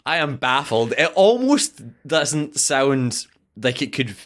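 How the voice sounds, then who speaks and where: Lively, bright-voiced man. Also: medium pitch. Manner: animated, swears freely, quick to react. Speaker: podcast host. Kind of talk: casual chat.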